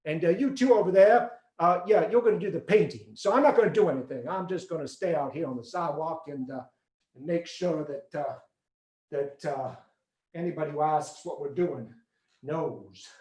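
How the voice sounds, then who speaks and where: A man's voice: a little high, normal speed, a little mellow, reverberant, natural voice. A man voicing a brash male producer who hands out jobs with lots of hesitant fillers. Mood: bossy. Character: brash male producer, a scheming urban cowboy.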